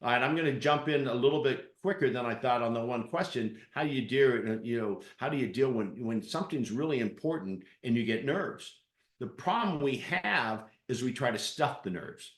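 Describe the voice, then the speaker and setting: A male interviewer and coach who spins animated anecdotes and acts out the voices in them. His pitch sits in the middle. The room gives his voice a roomy echo. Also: moderate pace. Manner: animated storyteller with acted-out quotes. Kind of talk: live interview with storytelling.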